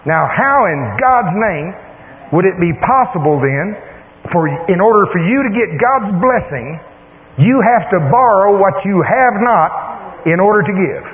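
A man's voice: high voice, animated, unhurried. Male preacher, plain-spoken and emphatic; thin tape sound, roomy church echo. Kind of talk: sermon with storytelling. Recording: tinny lo-fi tape in echoey hall.

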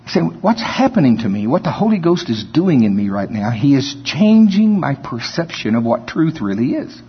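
A man preaching a sermon in a folksy way, reading scripture slowly and building to emphatic points. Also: medium pitch, very animated, husky. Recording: dull lo-fi recording with long reverb.

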